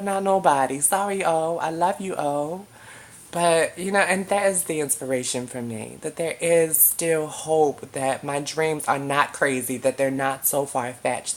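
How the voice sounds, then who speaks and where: A young woman with a low, deep-set voice talks straight to the camera in a casual vlog. She rambles and swears freely, leaning hard on her points. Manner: emphatic, profane, rambling. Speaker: vlogger.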